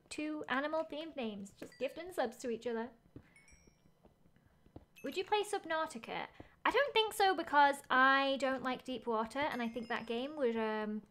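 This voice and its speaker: A woman's voice: on the high side, fairly bright tone, a little hiss or hum. A woman game streamer chatting casually as she plays, thinking aloud, gasping at finds and reading chat messages.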